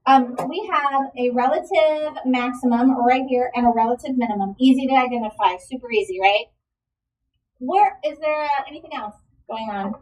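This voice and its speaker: A woman's voice: high-pitched, moderate pace, recorded from a distance, poor audio. A woman teaching a math lesson, asking the class questions and encouraging the students' answers. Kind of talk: classroom lecture.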